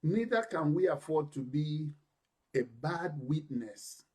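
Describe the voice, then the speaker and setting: A male pastor delivers a sermon in a church, pressing his points with emphatic, building intensity. His voice sits high for a man. He takes his time, letting each phrase land slowly. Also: big pitch swings, a little mellow, slightly rough. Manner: emphatic preaching with rising intensity.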